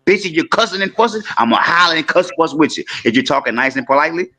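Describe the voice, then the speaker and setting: A man from New Orleans with a New Orleans accent, a panel guest talking loud and profane in a boastful, storytelling way. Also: fairly high pitch, animated, fast talker. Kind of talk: casual panel chat.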